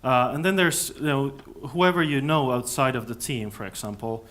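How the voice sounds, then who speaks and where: A man speaking at a conference, answering audience questions in a thoughtful, halting way with many restarts. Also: mid-range voice, animated, fairly bright tone. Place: conference hall.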